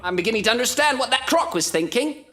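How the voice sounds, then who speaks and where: A man voicing an indignant male shopkeeper with a shrill British accent. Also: animated, fast, over loud music. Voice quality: shrill, outraged.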